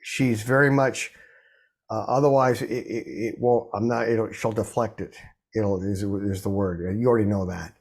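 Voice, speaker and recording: A man giving spiritual guidance on a video call, measured and gentle, sometimes restarting as he searches for words. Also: on the low side, steady tone, gravelly. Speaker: spiritual intuitive giving a reading.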